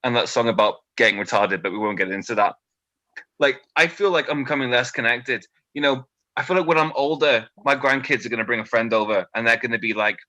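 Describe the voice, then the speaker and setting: A man's voice: medium pitch, fast, no room sound, lo-fi sound. Young British man doing stand-up. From Britain. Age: 20s. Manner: deadpan one-liners, nervous asides to a quiet crowd. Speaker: stand-up comedian. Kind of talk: stand-up set.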